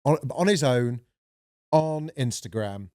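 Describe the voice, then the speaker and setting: A man co-hosting a chatty podcast, trading dry, sardonic jabs and swearing freely. His voice sits at a middling pitch, and the sound is close and dry with no room around it. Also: expressive, slow pace, warm tone, clear, resonant tone, dry recording. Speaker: podcast co-host. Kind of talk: casual comedic chat.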